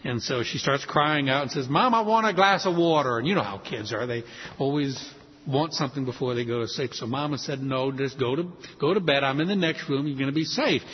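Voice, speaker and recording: A man preaching a sermon, animated and acting out quoted voices. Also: medium pitch, a little fast. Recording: muffled hall with long reverb.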